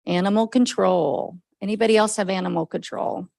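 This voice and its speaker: A woman facilitating a government budget meeting, brisk and encouraging, with frequent okays as she calls on each member. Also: medium pitch, vocal fry, darkish tone, dry recording, rough recording. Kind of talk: leading a group discussion.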